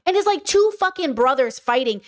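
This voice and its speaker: Animated, cursing woman host. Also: high voice, a little fast. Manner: animated, profane, conversational, reads chat aloud. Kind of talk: commentary and personal storytelling.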